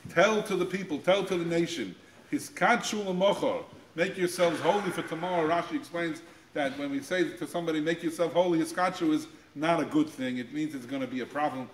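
Male guest speaker, slightly higher voice, teaching Torah to teens, animated with quotes, repeats words, reverberant school space. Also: fairly quick, a little hiss or hum. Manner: acts out quoted voices with pitch jumps; repeats words while finding phrasing. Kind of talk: Torah talk to high school students. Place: school room.

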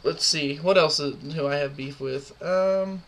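A man's voice: a little high, measured pace, a bit bright, slight background noise. A man in his twenties delivering a profane, defiant and mocking rant to camera. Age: 20s. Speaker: gaming clan member. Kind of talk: ranting video monologue.

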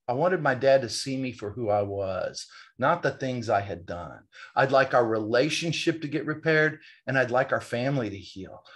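A man, a podcast guest, telling an earnest, confessional personal story and quoting the dialogue as he goes. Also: mid-range voice.

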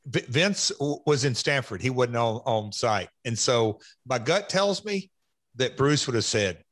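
A man in his fifties with a Southern US accent, hosting a podcast and reminiscing in a halting, reflective way. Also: medium pitch, animated, fairly bright tone, no room sound. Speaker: podcast host. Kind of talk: casual podcast chat.

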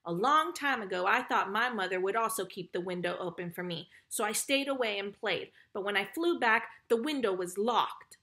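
A woman's voice: medium pitch, lively intonation, normal speed, hardly any pauses, pushed and bright. A woman voicing a proud boy who never grows up, speaking coolly and bitterly.

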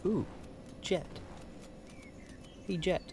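Speaking very slowly in a high voice, a man chats and rambles through gameplay commentary for his gaming channel, laughing a lot. The recording comes from his bunk bed at home and carries loud background noise.

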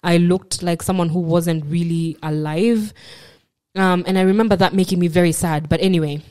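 A woman's voice: lowish voice, steady tone, normal speed, darkish tone. A woman with a Kenyan accent, frankly and reflectively telling her own story as a podcast guest, with self-deprecating asides. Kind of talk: candid personal storytelling.

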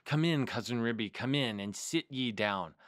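A man reading aloud and voicing an anxious mother cat, speaking softly and fretfully as if near tears. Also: mid-range voice, moderate pace, no echo, clean studio sound, lightly acted. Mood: tearful. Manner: soft, fretful, tearful.

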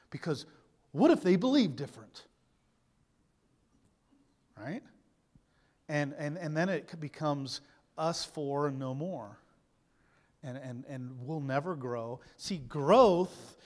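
A man preaching a sermon as pastor, lively, acting out people's doubts in quoted voices. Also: on the high side, long reverb tail. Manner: animated, acts out inner doubts in quoted voices. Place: church sanctuary.

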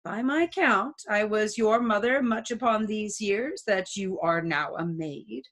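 A woman reading the part of a stiff, proper noblewoman mother in a casual play reading, in a measured, even delivery. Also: mid-range voice. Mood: formal. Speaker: reader.

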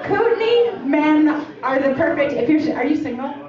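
High-voiced woman comic teasing the crowd. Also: very animated, moderate pace. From Canada. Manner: chatty, teasing the audience with questions. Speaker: stand-up comedian. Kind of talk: stand-up comedy set. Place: comedy club stage. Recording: echoey, distant, muffled club recording. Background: audience laughter and crowd.

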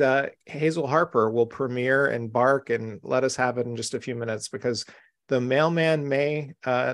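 Upbeat male craft-show host, gravelly. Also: mid-range voice. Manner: upbeat, chatty, welcoming. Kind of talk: live-stream craft show hosting. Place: home craft room.

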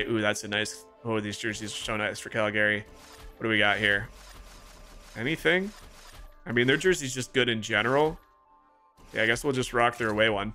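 A young man streaming a hockey video game, calling the plays like a sportscaster and reacting with excited outbursts. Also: on the low side, normal speed, long pauses. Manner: excitable play-by-play, rising to shouts. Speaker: gaming streamer. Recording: music playing clearly behind.

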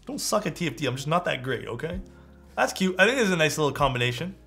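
A man's voice: fairly high pitch, big pitch swings, fast talker, gravelly, sharp tone, soft background music. A man building a keyboard live on stream, chatting casually, thinking aloud and answering his chat.

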